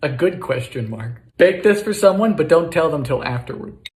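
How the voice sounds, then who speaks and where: Guy cooking in an echoey kitchen, high lively voice, dry jokes and shouted ingredient names. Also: moderate pace. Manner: deadpan one-liners, ingredients called out in sudden shouts. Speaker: home cook comedian. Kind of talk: comedic vintage-recipe cooking commentary. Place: home kitchen.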